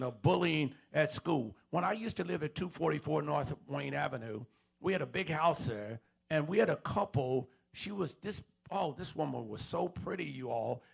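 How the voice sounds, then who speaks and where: A man's voice: on the high side, gravelly, breathy edge. A man preaching a sermon in a church auditorium, repeating questions and calling out to the congregation. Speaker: pastor.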